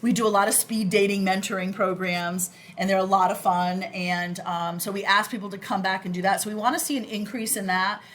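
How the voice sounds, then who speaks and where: A woman's voice: medium pitch, fairly even intonation, brisk, few pauses, a bit bright, a little hiss or hum. A woman with a Boston accent, a guest in a casual podcast interview, talking enthusiastically with many fillers and restarts.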